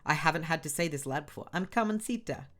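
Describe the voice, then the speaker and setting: A woman voicing a cheeky, blunt young girl in a video game, high and playful. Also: expressive, fast talker. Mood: teasing.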